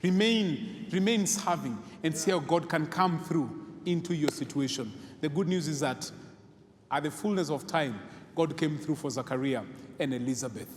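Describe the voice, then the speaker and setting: A man's voice: a little high, normal speed. A man preaching a sermon as pastor, pressing his point with repeated phrases and questions put to the congregation. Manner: preaching with emphatic repetition and call-and-response questions. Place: church sanctuary. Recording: echoey church hall, faint room noise.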